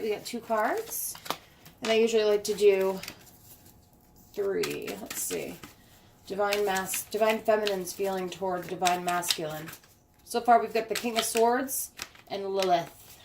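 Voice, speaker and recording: Recorded on a propped-up phone camera against a noisy background, a woman with a medium-pitched voice does a tarot reading. She's chatty and casual, thinking out loud while handling the cards.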